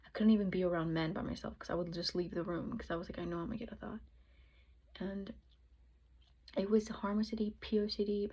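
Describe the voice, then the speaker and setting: A woman's voice: mid-range voice, fairly even intonation, moderate pace, creaky, darkish tone, husky. A young woman telling her own story in a casual vlog, candid and swearing freely, slipping into other people's voices when she quotes them. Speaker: vlogger. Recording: noisy background.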